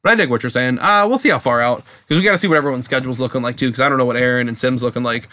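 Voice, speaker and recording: A man co-hosting a casual podcast, excitable, swearing often and acting out quotes in a raised voice. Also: rapid-fire, no room sound. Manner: excitable, swears a lot, acts out quotes in a higher voice. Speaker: podcast co-host.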